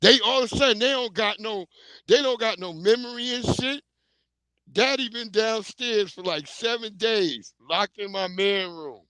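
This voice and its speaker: Middle-aged guy on a livestream, high bright voice, goofy profane storytelling, laughs a lot. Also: moderate pace, smooth, no echo. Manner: rambling comic storytelling, profane, laughing often. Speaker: livestream host. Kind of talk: casual livestream chat.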